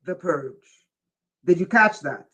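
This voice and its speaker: A livestream host reading viewer chat, who gets excited and raises their voice, often breaking off with "whoa" and asking listeners whether they follow. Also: medium pitch, slow, husky. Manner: breaks off with repeated "whoa" and "wait". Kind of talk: casual livestream talk to viewers.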